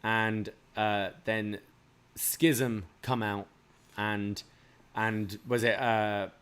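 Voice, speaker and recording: A man co-hosting a casual wrestling recap chat, who swears freely and acts out lines in a loud, high voice. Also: flat delivery, extremely slow, smooth. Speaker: podcast co-host.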